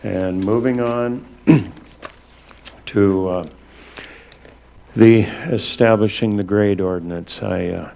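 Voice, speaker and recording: A man chairing a city council meeting as acting mayor, talking in a halting, relaxed way with many fillers. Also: on the low side, vocal fry.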